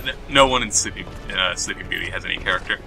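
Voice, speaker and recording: A man with a slightly low voice chats casually while he plays, rattling off a plot in a loose, offhand way. He shrugs things off with fillers and "whatever". Game music plays loudly behind him. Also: quick pace, creaky. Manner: rambling, dismissive, loose retelling with many fillers. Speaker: co-host of a gaming show.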